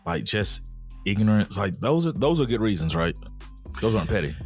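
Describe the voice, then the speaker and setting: Lively low-voiced man chatting casually. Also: moderate pace, slightly rough, soft background music. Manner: animated, playful with exaggerated voice imitations. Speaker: podcast co-host. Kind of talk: casual chat.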